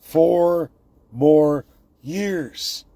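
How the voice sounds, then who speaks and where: A man's voice: fairly high pitch, extremely slow, vocal fry, warm tone, dry recording. A man, ranting emphatically and repetitively in a political vlog monologue. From Canada. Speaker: political commentator.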